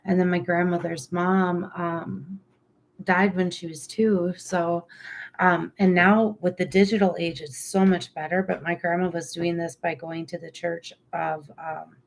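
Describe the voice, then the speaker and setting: A woman co-hosting a casual chat, telling a rambling family story with frequent pauses and ums. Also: on the low side, flat delivery, gravelly, a little hiss or hum. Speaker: co-host.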